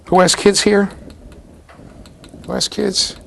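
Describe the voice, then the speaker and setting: Animated male lecturer with lively pitch. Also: normal speed, vocal fry, long pauses, a little hiss or hum. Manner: animated, chatty, acts out voices, quizzes the class. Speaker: university lecturer. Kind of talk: classroom lecture.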